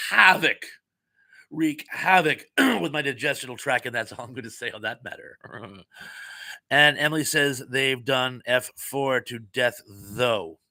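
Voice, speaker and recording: A man's voice: medium pitch, sharp tone, dry recording. A middle-aged man from the American Northeast hosting a live chat, casually reading viewer comments aloud with puns and self-deprecating asides.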